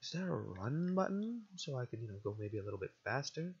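A man's voice: mid-range voice, sing-song, a little fast, husky, lo-fi sound. A man giving casual, jokey, profane commentary while playing a video game. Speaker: let's play gamer.

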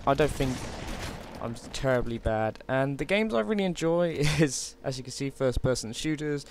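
A man's voice: mid-range voice, expressive, moderate pace, a little hiss or hum. A British man giving casual gameplay commentary, chatty and joking with many hesitations. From Britain. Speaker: gaming commentator. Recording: clear gunfire from game audio behind. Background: game gunfire and explosions.

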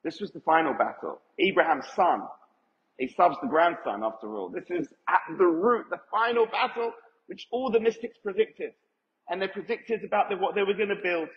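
A man teaches as a rabbi before a live audience, emphatic and quizzing the listeners as he goes. His voice sits a little high. The recording is dull and lo-fi, with a long reverb from a large hall. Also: lively intonation, normal speed. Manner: emphatic, asks the audience questions. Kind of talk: Torah lecture to a live audience. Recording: echoey hall, dull lo-fi sound.

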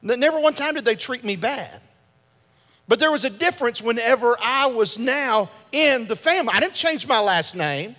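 A man preaches with a light, high-pitched voice and an emphatic, repeating delivery that keeps asking for an amen. His sermon rings out with the long reverb of a church sanctuary. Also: expressive, normal speed, pushed and bright. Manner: repeats and restarts words as he builds a point. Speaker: pastor.

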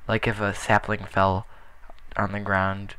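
A man's voice: lowish voice, completely flat delivery, measured pace, bright, forceful tone, clean tone. A young man casually commentating his gameplay, rambling with self-deprecating jokes. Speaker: gaming channel host. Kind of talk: casual Let's Play commentary.

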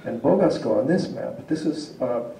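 A man giving an academic lecture with slides, pausing often with fillers and restarts. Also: medium pitch, animated, dark tone, slight background noise. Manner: hesitant, many fillers and restarts. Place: civic centre lecture hall. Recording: roomy distant hall recording.

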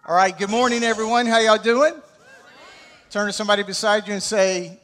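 A man's voice: high voice, steady tone, a little fast, a bit bright. A man with a Southern accent preaching a sermon to a congregation, joking and playing with the crowd. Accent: American Southern. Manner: joking, playful crowd interaction. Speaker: pastor. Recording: long reverb of a church hall.

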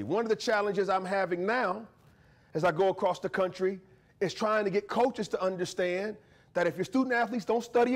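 A man giving a lively, conversational guest lecture as a history professor, joking and often checking in with his audience. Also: high voice. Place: university lecture to a live audience.

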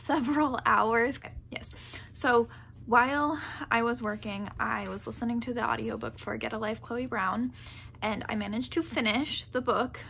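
A woman's voice: on the high side, gravelly, a bit bright, slight background noise. A woman chatting casually on her book vlog, rambling and gushing, laughing often and packing her talk with "like.". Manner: rambling and gushing, heavy with "like" fillers; laughs often mid-sentence. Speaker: book vlogger.

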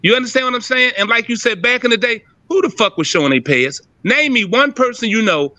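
An older man with a high, lively voice swinging all over, sharp and piercing in tone. He rants profanely and emphatically in casual podcast talk, recorded dry and close. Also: brisk, no room sound. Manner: profane, emphatic, animated rant. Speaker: podcast co-host.

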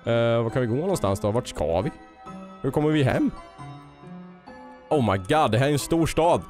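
A man commenting excitedly while playing a game and reading its text aloud. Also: medium pitch, normal speed. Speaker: let's play youtuber. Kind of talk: gaming commentary. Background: game music.

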